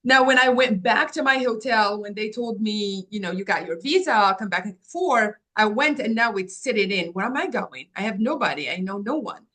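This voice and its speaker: A woman from Morocco, a guest telling her life story in an animated way and acting out the people in it. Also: medium pitch. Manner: animated, acts out quoted dialogue, quick restarts. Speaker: guest, agency founder. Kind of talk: personal storytelling in an interview.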